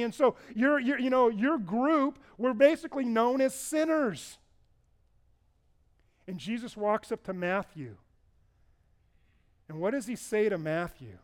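A man preaches a sermon, telling the stories in an animated way and putting on voices for the people in them. His voice sits high and sounds smooth. He jumps between calm teaching and loud, excited retelling. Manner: animated storytelling, acting out the people in the story with a raised voice. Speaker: pastor.

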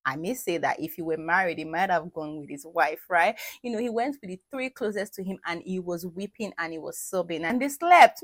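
Lower-voiced woman giving advice with laughs. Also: lively intonation, moderate pace, dry recording. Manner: warm-hearted teasing, laughs at her own jokes; repeats phrases for emphasis. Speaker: podcast host giving marriage advice. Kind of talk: conversational faith-based advice talk.

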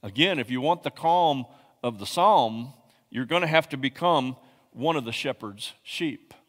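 A man's voice: mid-range voice, lively intonation, a little slow. A man preaching a sermon as pastor, emphatic, repeating his key lines and building to passionate peaks. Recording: long hall reverb.

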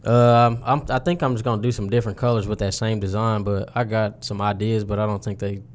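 A man with a low voice chats as a rapper guest on a podcast. He talks loosely and casually, full of slang and meandering stories, with a faint hum of background noise. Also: flat delivery, a little fast. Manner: laid-back, slangy, loose storytelling. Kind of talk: casual interview chat.

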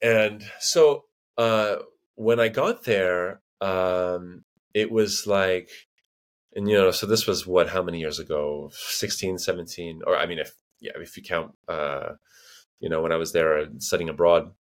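A man's voice: deep voice, measured pace. An American man in his thirties, a linguist guest in a casual interview, telling stories with lots of fillers and acting out other people's voices. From United States. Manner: animated storyteller, acts out quoted voices, frequent fillers.

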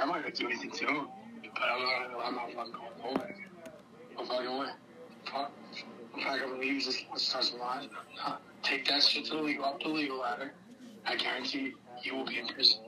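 A young man in a heated, profane casual rant, agitated and swinging between loud outbursts and hushed mutters. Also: mid-range voice, low-quality recording.

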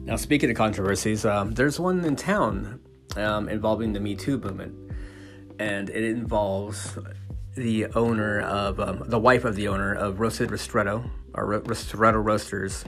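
A podcast host with a fairly low male voice rants casually about his opinions at a moderate pace, with faint music playing behind him. He swears freely and stumbles through fillers and restarts.

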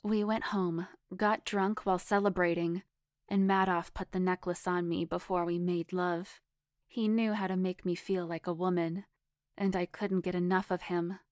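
A woman reading a first-person erotic story aloud in a measured, intimate storytelling manner. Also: lowish voice, flat delivery, a little mellow, no room sound, studio quality. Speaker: story reader.

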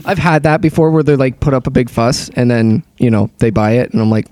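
A young man telling animated stories in casual chat, swearing often and acting out other people in quotes. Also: mid-range voice, a little fast.

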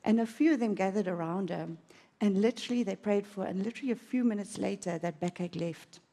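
A woman's voice: medium pitch, quick pace, mellow. A woman preaching a sermon in an auditorium, telling a personal story with dramatic swings of emotion.

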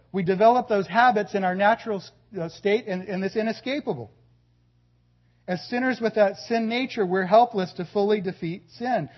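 High-voiced man preaching a sermon. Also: lo-fi sound. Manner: earnest preaching, drops to a quiet low voice for emphasis. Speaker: pastor.

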